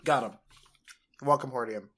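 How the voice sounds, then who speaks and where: A man's voice: mid-range voice, moderate pace. A man co-hosting a podcast in casual, rambling chat, swearing freely. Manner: rambling, swears freely, bursts into loud laughter. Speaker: podcast co-host.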